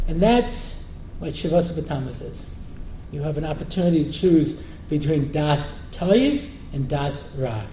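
Rabbi lecturing in an echoing hall. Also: male voice, a little high, expressive, unhurried, warm tone. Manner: joking, asks the listeners questions again and again. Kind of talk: humorous Torah lecture to an audience. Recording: roomy hall with faint noise.

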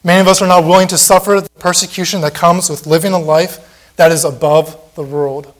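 A man's voice: on the high side, steady tone, fairly quick. A man preaching a sermon in a church, impassioned and repetitive, acting out the mocking voices of a crowd.

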